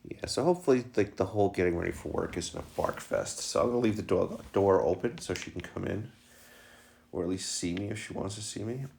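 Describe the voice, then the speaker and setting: A man's voice: low voice, a little fast, vocal fry, darkish tone. A man vlogging casually at home about his new puppy, joking and slipping into fond baby talk with her. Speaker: vlogger and dog owner.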